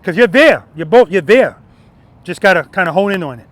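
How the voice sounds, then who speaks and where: A man's voice: sits high, animated, fairly quick, no room sound. A man teaching a motorcycle riding lesson in an outdoor parking lot. He stresses key points again and again and often checks in with "right?".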